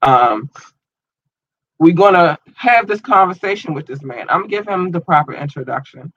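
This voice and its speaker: A man hosting a podcast and online radio show, rambling casually and slangily through listener shout-outs while his eye is irritated and tearing up. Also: on the high side, animated, normal speed, dry recording, lo-fi sound. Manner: loose, rambling, slangy, repeats himself.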